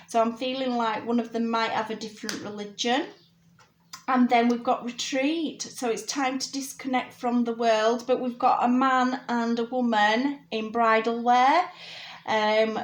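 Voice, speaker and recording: A woman giving a personal tarot reading, talking gently and reassuringly with many fillers and check-ins. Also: a little high, roomy sound, a little hiss or hum. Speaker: tarot reader.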